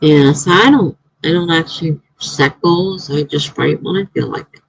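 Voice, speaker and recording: A woman's voice: low-pitched, normal speed, gravelly, slightly rough, dry recording, rough recording. A woman, a writer, hosting a casual live stream from home, chatting in a rambling way and laughing often.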